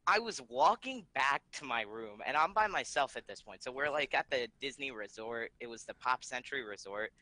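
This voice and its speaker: A man's voice: mid-range voice, expressive, normal speed, few pauses, bright, forceful tone, no room sound, rough recording. A man telling a rambling story on a live podcast, laughing between lines.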